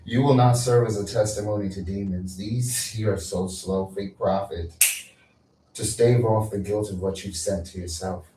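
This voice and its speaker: A man's voice: on the low side, steady tone, normal speed, dark tone. A man talking as a content creator in a rambling, repetitive mystical monologue that scolds and chants. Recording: roomy echo, far from mic, faint noise.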